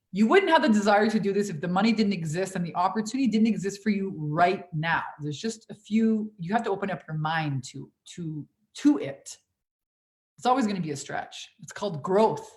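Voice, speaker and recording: A young adult woman coaching on a livestream, casually reading viewer comments aloud and swearing freely as she talks. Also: medium pitch. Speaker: business coach hosting a livestream Q&A. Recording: echoey room.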